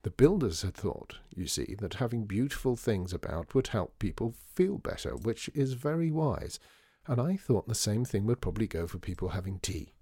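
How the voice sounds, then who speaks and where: A man voicing a brisk, theatrical disgraced store founder, wry and showy. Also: lowish voice, very animated, dark tone, breathy edge, no room sound, studio quality, exaggerated voice.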